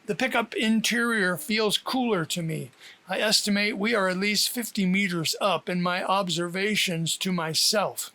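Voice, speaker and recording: A man narrating his own book aloud as an audiobook, telling the story in a lively, expressive way. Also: high-pitched, normal speed.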